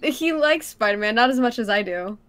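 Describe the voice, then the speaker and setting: Female guest streamer, fairly high voice, giggly and self-mocking. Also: expressive, a little fast, a bit bright, clear, resonant tone. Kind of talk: casual livestream chat.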